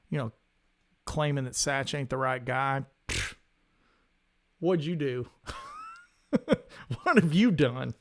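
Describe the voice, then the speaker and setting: Gravelly, rambling guitarist. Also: male voice, fairly high pitch. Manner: animated, rambling, repeats words. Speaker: guitarist hosting a livestream. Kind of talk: casual livestream rant. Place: home studio.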